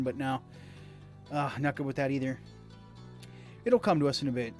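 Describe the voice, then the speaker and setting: A man's voice: mid-range voice, fairly even intonation, brisk, faint music behind. A man streaming a video game, reading its text aloud and chatting casually with rambling asides to viewers. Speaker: gaming streamer.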